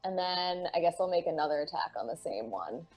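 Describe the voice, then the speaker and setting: Animated woman cheering her own dice rolls. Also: fairly low pitch, fairly quick, soft background music. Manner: excitable, swearing freely. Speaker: player. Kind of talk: casual tabletop play.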